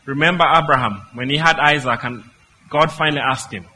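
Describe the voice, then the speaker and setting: Forceful, bright-voiced male preacher. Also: fairly high pitch, fairly quick, husky, low-quality recording. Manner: emphatic, rhetorical questions to the congregation. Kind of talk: sermon.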